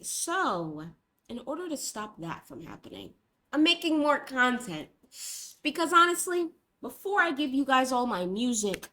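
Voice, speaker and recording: A woman's voice: on the high side, fairly bright tone. A young woman talking casually in a rambling, dramatic, self-mocking vlog. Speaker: vlogger.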